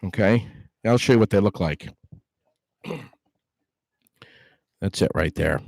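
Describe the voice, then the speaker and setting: A man's voice: sits low, takes it slowly, vocal fry, darkish tone, no room sound. A man hosting a live broadcast outside a movie theater, chatty and upbeat, with frequent fillers and restarts, speaking into a handheld microphone. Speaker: host. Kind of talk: casual live outdoor broadcast.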